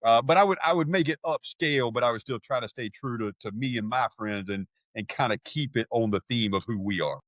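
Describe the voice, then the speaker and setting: A man's voice: medium pitch, fairly quick, hardly any pauses, no room sound. Rambling, hesitant man, close dry mic. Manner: rambling, hesitant, lots of restarts and fillers. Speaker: podcast co-host. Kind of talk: casual chat.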